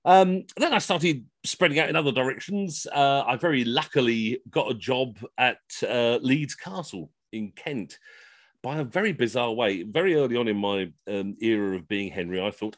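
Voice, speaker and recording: A middle-aged man who entertains in costume as Henry VIII tells comic anecdotes on a video call, animated and slipping into funny voices for the people in his stories. His voice is mid-range, his pace moderate, and there's no echo.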